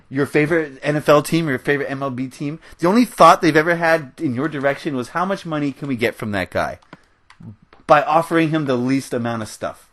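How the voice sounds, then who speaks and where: A young man from the United States talks over his gameplay in a fired-up, rambling rant, stopping now and then to laugh. His voice sits a bit high for a man. It sounds like a close headset mic. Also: fairly bright tone. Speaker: gaming channel host. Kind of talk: ranting commentary over gameplay.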